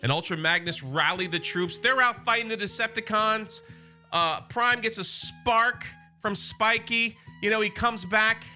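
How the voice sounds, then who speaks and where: A high-voiced man talks through a comic issue with excited, casual energy. His tone is bright and sharp, and soft music plays behind him. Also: unhurried. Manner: enthusiastic, casual, reads quotes aloud. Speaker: comic book channel host.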